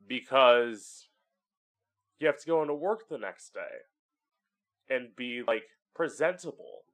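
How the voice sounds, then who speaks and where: Animated but unhurried, a medium-pitched man with a fairly bright tone delivers a casual solo podcast from home. As host, he's chatty and candid, swears freely, and acts out voices to make his points.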